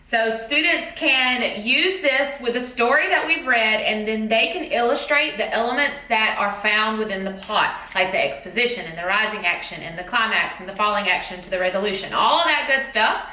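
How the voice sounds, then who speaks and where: A woman's voice: fairly high pitch, moderate pace, hardly any pauses, bright, forceful tone. A woman teacher chatting in a bubbly, exclamatory way about a haul of school supplies. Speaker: teacher vlogger. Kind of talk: casual haul vlog. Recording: echoey room.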